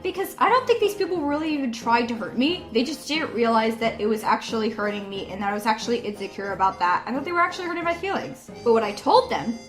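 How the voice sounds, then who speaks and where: A young woman vlogger telling a childhood story, loud and expressive. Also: a little high, fast talker, few pauses, soft background music. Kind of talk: casual storytelling to camera.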